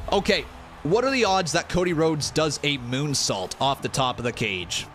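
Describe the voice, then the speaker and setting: A young man hosting a live watch-along stream, loudly hyping up his chat with shouts and chants. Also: a little high, lively intonation, normal speed, creaky. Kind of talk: hyped watch-along commentary. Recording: music under the voice. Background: music playing.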